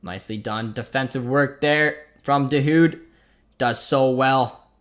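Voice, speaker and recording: A man's voice: medium pitch, measured pace, fairly bright tone. A young man from Canada with a Canadian accent, hosting a live football watchalong, chatting casually, reading the chat aloud and reacting to the match. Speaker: watchalong host.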